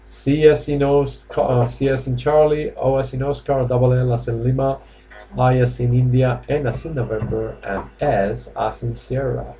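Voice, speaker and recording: Spanish-accented man, mid pitch, teaching an online English class, chatty, coaxing students. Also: fairly even intonation, normal speed, warm tone. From Spain. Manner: chatty, coaxing, laughs often, many fillers. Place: classroom or office indoors.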